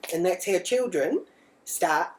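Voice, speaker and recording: A woman's voice: lowish voice, expressive, slow pace. A woman, a mother telling a comic story in character, blunt and crude, swearing freely and rambling off on asides.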